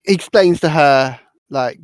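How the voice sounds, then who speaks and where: A man's voice: fairly high pitch, a little slow, clear, resonant tone, dry recording. British young man recapping a film. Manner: rambling movie recap, filler-heavy, laughs often. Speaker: podcast host. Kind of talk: casual podcast chat.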